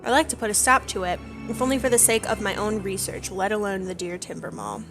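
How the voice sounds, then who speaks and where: A woman's voice: medium pitch, fairly quick, close to an everyday voice. A woman voicing a kindly female researcher who studies hot springs, reading the quest lines in her plain voice. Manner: read aloud in her own plain voice. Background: game music.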